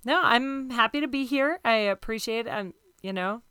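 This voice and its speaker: A woman's voice: on the high side, moderate pace, pushed and bright, clear, resonant tone. A woman in an improvised comedy scene, talking in a hesitant, politely evasive way.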